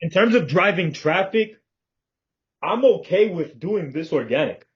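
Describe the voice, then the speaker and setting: A man talks plans through with a partner, emphatic and sure of himself, cursing freely. His voice sits a bit high. The sound is dull and lo-fi, as over a video call. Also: animated, unhurried. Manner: emphatic, confident, swears freely. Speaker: business partner. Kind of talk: casual planning chat.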